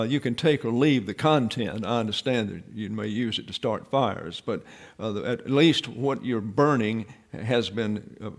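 A middle-aged man giving a verse-by-verse Bible lesson in a scholarly way, with dry asides and frequent fillers. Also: mid-range voice. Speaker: Bible teacher.

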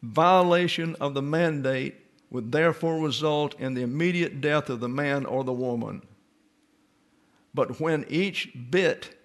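A man teaching a Bible lesson in sermon style, reading scripture and reference texts aloud and explaining them step by step. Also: fairly high pitch.

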